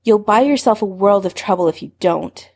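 A woman voicing an authoritative older schoolboy in a story reading, lowering her voice for a measured warning. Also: gravelly, a little mellow. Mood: stern. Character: older male student, calm and authoritative.

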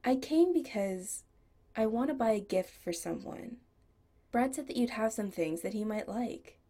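A woman's voice: fairly high pitch, expressive, measured pace, warm tone, slightly rough, heavily acted. A woman voicing a shy young male shoe designer who answers sheepishly and protests when teased. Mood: protesting.

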